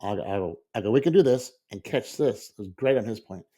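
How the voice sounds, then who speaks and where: With a lowish, mellow voice that has a breathy edge, a middle-aged podcast co-host speaks fast and with lively intonation. He rambles through a casual story, repeating words and voicing the quotes himself.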